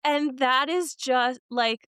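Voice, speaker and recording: A woman's voice: sits high, slow, clean tone, dry recording, clean studio sound. A woman hosting a podcast interview, speaking thoughtfully and choosing her words with care. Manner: warm, reflective, chooses words carefully. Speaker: podcast host. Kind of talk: casual interview chat.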